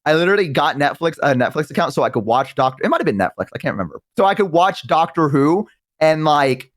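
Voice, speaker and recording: A young man in casual chat, telling excitable stories and acting out his friends in quick high voices. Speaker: guest. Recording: live stream.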